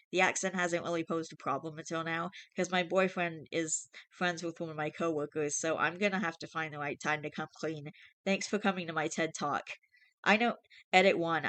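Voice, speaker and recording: A host reads online confessions aloud and drops in irreverent, freely sworn asides. The voice sits at a middle pitch. The sound is dry and close, with no room around it. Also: a bit bright, dry recording. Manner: chatty and irreverent, swears freely, laughs often. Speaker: channel host reading posts aloud. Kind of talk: casual reading of online confessions with commentary.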